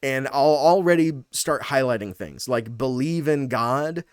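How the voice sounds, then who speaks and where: A man's voice: mid-range voice, a little slow, smooth, no room sound, clean studio sound. A man in his thirties, a pastor, walking through a passage in a casual teaching style, thinking aloud with many fillers and restarts.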